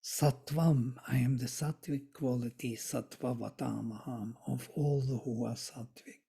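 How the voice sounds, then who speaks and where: A study group teacher reading verses aloud and explaining them word by word, with soft, thoughtful asides and small self-corrections. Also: medium pitch, gravelly, husky. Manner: recites verses, then glosses them word by word. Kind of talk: slow explanatory reading and commentary on scripture.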